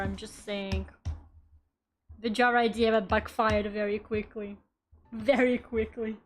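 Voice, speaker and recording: Young woman, high voice, chatty art streamer, faint music underneath. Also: normal speed. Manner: chatty, playful, mutters while working, sudden dramatic shrieks. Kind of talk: casual live-stream chat while drawing.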